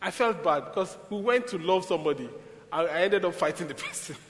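A man preaching a sermon, telling stories in an animated way with sudden loud bursts, in a church hall. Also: high-pitched, brisk. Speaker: pastor. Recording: echoey hall with long reverb.

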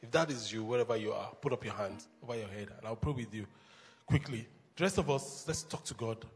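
A man preaching as a pastor, animated, laughing often and calling the congregation to answer back. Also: medium pitch, a little fast. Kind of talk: sermon. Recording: long hall reverb.

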